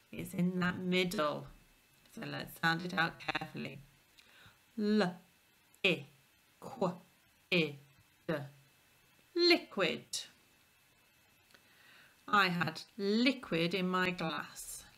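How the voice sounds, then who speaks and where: A woman teaching phonics to young children, speaking at an unhurried pace and drawing out each sound with care. Her voice is bright and fairly low for a woman. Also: expressive. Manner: slow, clear, sounding out letters.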